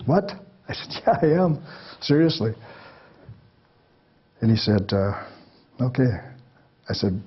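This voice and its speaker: A man's voice: lowish voice, slightly rough. An older man telling life stories to an audience in a folksy, rambling way that keeps breaking into chuckles. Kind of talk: storytelling talk. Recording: dull lo-fi lecture recording.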